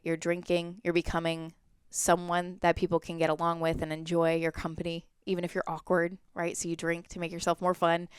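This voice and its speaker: Clear-voiced woman telling her story. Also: lowish voice, no room sound, studio quality. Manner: candid, animated, often acts out quoted voices. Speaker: podcast guest. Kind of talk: personal storytelling in conversation.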